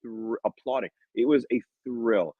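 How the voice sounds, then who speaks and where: A man, a film director, talking casually in an interview, telling stories with lively quoted voices and frequent laughs. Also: medium pitch, unhurried, no echo. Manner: animated storyteller, acts out quotes, laughs often. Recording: dull, dry lo-fi sound.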